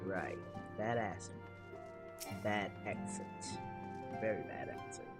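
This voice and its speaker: A man's voice: on the low side, slow pace. A man streaming a game, chatting casually in a rambling, self-mocking way. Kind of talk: casual chat. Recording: game music behind.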